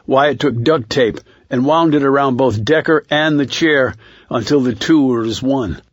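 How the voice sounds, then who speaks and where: A male narrator reads a crime thriller in a measured, steady way. His voice is mid-pitched, and the sound is dry and close. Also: no room sound, lo-fi sound. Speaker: audiobook narrator.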